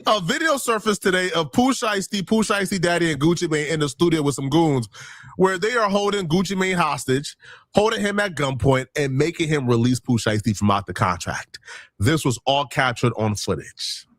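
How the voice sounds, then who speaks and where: A man commenting in an online video, telling the story emphatically and acting out quotes with sudden jumps in pitch. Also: normal speed, a bit bright, no room sound, studio quality. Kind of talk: commentary video played on stream.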